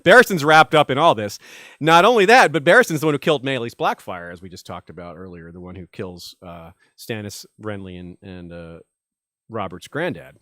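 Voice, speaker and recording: A man's voice: fairly low pitch, expressive, brisk, bright, forceful tone, no echo, studio quality. A man hosting a casual podcast chat, rambling with many fillers and chuckles. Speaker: podcast host.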